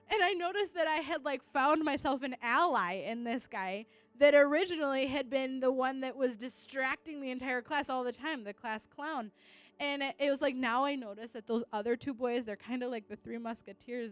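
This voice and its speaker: A young woman, a teacher, tells a church gathering about her students in a casual, chatty way. She leans on "like" and slips in Spanish words. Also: on the high side. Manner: chatty, full of "like" fillers, drops in Spanish words. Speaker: teacher giving a testimony. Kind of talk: casual testimony to an audience.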